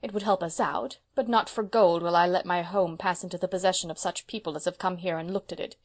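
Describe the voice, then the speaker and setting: A woman voicing a proud, brisk spinster of seventy, speaking emphatically and sternly. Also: on the low side, fairly even intonation.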